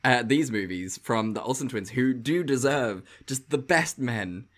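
A man's voice: medium pitch, animated, measured pace, a bit bright. Guy cohosting a movie podcast, jokey and a bit crude, likes to tease and brag for laughs. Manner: teasing, swears, mock-boastful jokes. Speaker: podcast co-host. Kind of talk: casual chat reviewing a movie.

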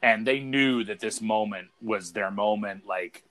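A man's voice: on the low side, a little slow, a bit bright. A man co-hosting a casual podcast chat, telling a rambling story with lots of fillers and restarts. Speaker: podcast co-host.

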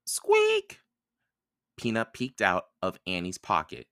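Slow, deep-voiced man reading a storybook. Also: pushed and bright, no echo, studio quality. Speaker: podcast reader. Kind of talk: reading a children's chapter book aloud.

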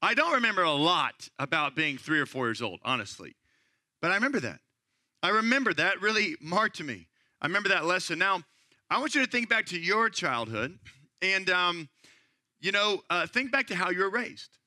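A man in his thirties giving a sermon as a pastor, telling a personal story in a relaxed conversational way with frequent "right?" asides. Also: high-pitched, normal speed, dry recording. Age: 30s.

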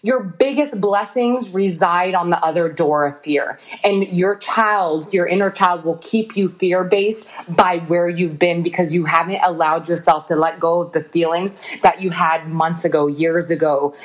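A woman guest on a podcast, talking in a casual, animated, emphatic way, preaching about self-healing and swearing casually. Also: lowish voice, a little slow, few pauses.

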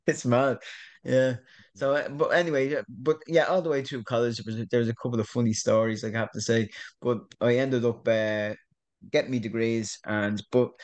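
A middle-aged Irish man telling a rambling story in a casual interview, repeating words and laughing often. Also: mid-range voice. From Ireland. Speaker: guest.

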